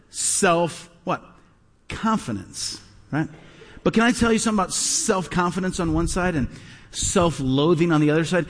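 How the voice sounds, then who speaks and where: High-voiced pastor preaching in a hall. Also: male voice. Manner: emphatic preaching with repetition and rhetorical questions. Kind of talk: sermon. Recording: live sermon with long hall reverb.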